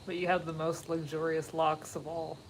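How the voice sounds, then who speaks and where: Woman chiming in with quiet teasing. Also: low voice, little pitch movement, normal speed, slight background noise. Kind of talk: casual chat.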